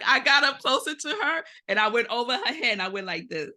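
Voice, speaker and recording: A woman's voice: a little high, brisk, hardly any pauses. A woman in her forties, a minister giving a Sunday sermon, telling stories and speaking directly to her congregation. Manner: animated storytelling, addresses congregation directly. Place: spiritual center service.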